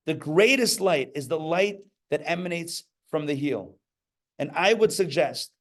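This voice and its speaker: A man giving a lively sermon as a rabbi at a live class, talking in an animated way with joking asides and acted-out quotes. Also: a little high. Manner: animated, acts out quoted voices, jokey asides. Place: live class before an audience.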